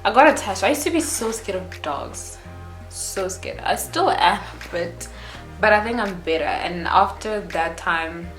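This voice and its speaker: A young woman from Africa, chatting to camera in a rambling, animated way with lots of "like" and "yo". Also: medium pitch, measured pace, roomy sound, faint music behind. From South Africa. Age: young adult. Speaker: YouTuber. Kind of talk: casual chat to camera.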